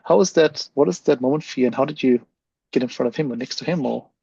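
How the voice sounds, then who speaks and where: A male podcast host talks quickly in a husky, gravelly voice, reflecting on and affirming what his guest says. The recording is dry and dull, with a lo-fi edge. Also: mid-range voice, warm tone. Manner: reflective, affirming, with frequent verbal restarts. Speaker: podcast host and leadership coach. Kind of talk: conversational interview.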